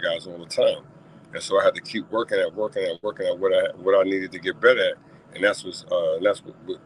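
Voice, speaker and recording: A lower-voiced man hosts his own sports talk stream off the cuff. He repeats himself and pushes his voice up toward near-shouting when he gets heated. There's a faint hum of noise behind him. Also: poor audio. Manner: passionate, repetitive, rising to near-shouting rants. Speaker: talk show host.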